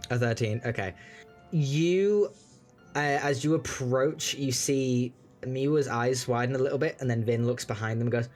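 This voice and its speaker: A man's voice: medium pitch, normal speed. Game master guy, easygoing narration, faint music under. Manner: relaxed, descriptive, with fillers.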